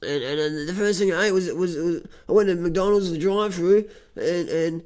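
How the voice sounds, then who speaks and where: With a high voice at a moderate pace, this Australian man delivers a rambling comic monologue as a vlogger, tripping over repeated words, swearing a lot, and boasting with a completely straight face.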